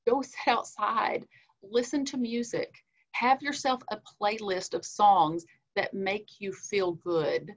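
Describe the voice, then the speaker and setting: A woman, a licensed counselor giving an earnest, conversational webinar talk on coping with feelings. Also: medium pitch. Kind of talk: webinar presentation. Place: indoors, online webinar. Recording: muffled lo-fi audio.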